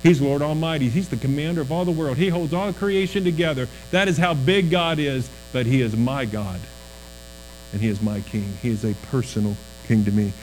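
Male pastor, sermon, earnest, hushed on key lines, faint mains hum behind. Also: medium pitch, normal speed, rough recording.

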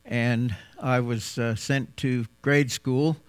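A man with an American accent, raised in South Africa, giving a folksy, unhurried mission talk to a church congregation with frequent pauses. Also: mid-range voice, fairly even intonation, clear, resonant tone, no echo. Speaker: missionary guest speaker.

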